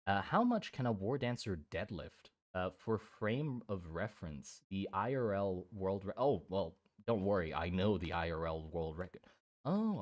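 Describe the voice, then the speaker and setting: Young male streamer, lowish voice, loose rambling chat with frequent restarts. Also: darkish tone. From Germany and Thailand. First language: German. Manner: rambling, many restarts and fillers, swears casually. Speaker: streamer drawing miniatures. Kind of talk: casual live-stream chat with chat readers.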